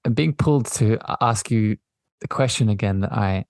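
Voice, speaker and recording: A man hosting a podcast, talking in a gentle, affirming way and often circling back over his words. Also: fairly low pitch, moderate pace, dry recording, clean studio sound. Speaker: podcast host. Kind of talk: reflective spiritual conversation.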